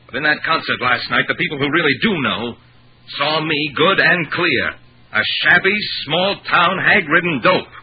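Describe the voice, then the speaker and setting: An actor playing a bitter, rebellious pianist in a vintage radio drama, speaking with sarcasm. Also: male voice, a little high, normal speed, natural voice. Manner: sarcastic, mocking. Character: bitter young male pianist, sardonic and rebellious. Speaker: Peter, a pianist. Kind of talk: 1940s radio drama acting. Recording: dull old radio recording with faint hiss.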